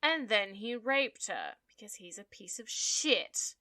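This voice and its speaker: A woman's voice: mid-range voice, sing-song, unhurried, sharp tone. A woman from Australia with an Australian accent, co-hosting a casual podcast and telling stories in a blunt, sweary, sarcastic way. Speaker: podcast co-host. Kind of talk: casual chat, storytelling.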